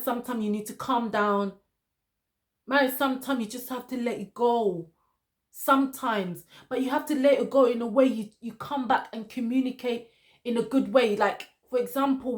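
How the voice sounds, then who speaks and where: A woman with a high voice talks straight at a reality-show contestant as if giving her advice. She hammers her points home by repeating the same phrase again and again. Her tone is opinionated and direct, like a stern talking-to. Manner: lecturing, repeats phrases for emphasis, addresses the cast member directly. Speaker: TV show reviewer.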